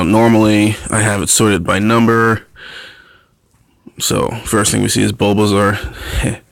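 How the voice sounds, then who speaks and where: A man's voice: on the low side, vocal fry, a bit bright, no room sound. A man chatting casually and enthusiastically in a vlog about his game, with frequent fillers. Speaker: Pokemon Go YouTuber.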